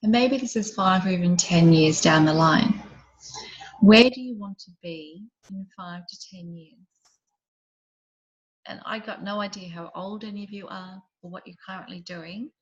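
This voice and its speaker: A woman leads an online group session and talks her listeners through a guided visualization. Her voice sits at a middle pitch and often drops soft and quiet between gentle questions. The audio is slightly dull and lo-fi. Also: a little slow. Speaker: program facilitator.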